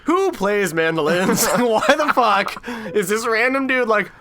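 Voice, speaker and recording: A man's voice: high voice, expressive, a little slow, pushed and bright. A young man from the United States hosting a casual comedy podcast, rambling through a story, swearing and laughing often. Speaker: podcast host.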